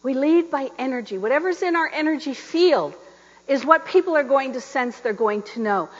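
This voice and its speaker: A woman's voice: sits high, normal speed. A middle-aged woman minister giving a sermon, telling stories and acting out the voices of the people in them. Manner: animated, laughing, acting out quoted voices. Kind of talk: sermon with storytelling. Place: church sanctuary. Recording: dull reverberant hall recording.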